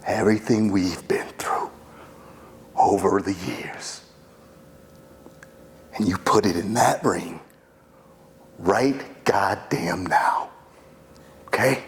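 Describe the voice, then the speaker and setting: A man playing an older brother and boxing trainer, giving an urgent pep talk that swings between loud pushes and hoarse whispers. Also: on the low side, lively intonation, moderate pace. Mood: intense. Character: boxing trainer big brother, washed-up and fiercely pushing.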